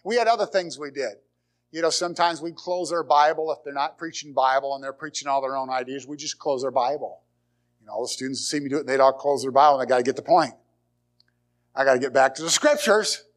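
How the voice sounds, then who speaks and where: A man preaching a sermon as pastor, with dynamic swings from loud emphasis to near whispers and frequent repeated words. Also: mid-range voice, fast. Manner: repeats words and restarts phrases.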